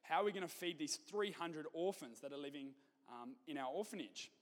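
A man's voice: on the high side, lively intonation, fairly quick, natural voice. Male preacher quoting an anxious woman orphanage worker, Australian accent, church reverb. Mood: worried. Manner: anxious pleading.

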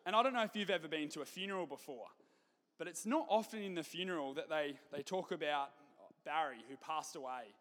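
Aussie preacher guy, kinda high voice, echoey church hall, animated storytelling. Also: fairly quick. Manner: lively, animated, jokey asides. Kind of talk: sermon with storytelling.

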